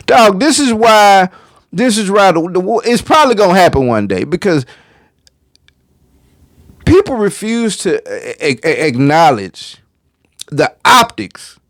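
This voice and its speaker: A man's voice: high-pitched, big pitch swings, slow, pauses often, no room sound. A man hosting a reaction video, commenting casually on a clip in a slangy, profane way.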